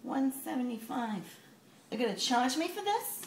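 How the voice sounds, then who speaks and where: A man playing a brash, excitable middle-aged woman with a New York accent who gushes loudly and swears casually in a comedy sketch. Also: extremely high pitch, normal speed, exaggerated voice. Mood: gushing excited. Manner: loud, gushing, swears casually. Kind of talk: comedy sketch character monologue. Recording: echoey room with background noise.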